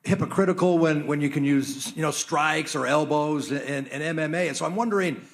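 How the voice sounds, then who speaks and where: A man's voice: on the high side, a little fast, gravelly. A man, a reporter, asking a question at a press conference, stumbling and restarting as he searches for words.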